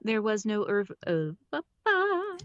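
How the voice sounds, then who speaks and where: A woman's voice: mid-range voice, expressive, measured pace, lo-fi sound, a little hiss or hum. A woman narrating a novel on a live stream, often stopping to re-read lines and laughing at her own slips. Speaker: audiobook narrator.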